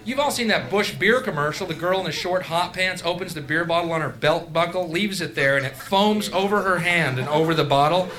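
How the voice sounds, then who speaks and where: A man's voice: on the high side, brisk, hardly any pauses. A man doing stand-up comedy, ranting and swearing. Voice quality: profane, ranting. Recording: live club recording with crowd.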